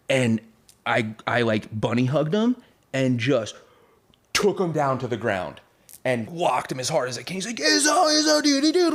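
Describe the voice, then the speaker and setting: A man's voice: medium pitch, fairly bright tone. Rambling young man telling a wild story. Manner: rambling, full of "like", "dude" and "bro", acts out voices in the story. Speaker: podcast guest. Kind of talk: casual storytelling.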